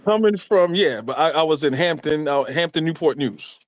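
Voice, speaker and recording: A man tells stories in a loose group chat, and he is animated, profane and quick to act out other people's voices. His voice sits a bit high. The audio is dry and dull, like a lo-fi online call. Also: no room sound. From New York. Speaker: discussion participant. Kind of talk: casual group chat storytelling.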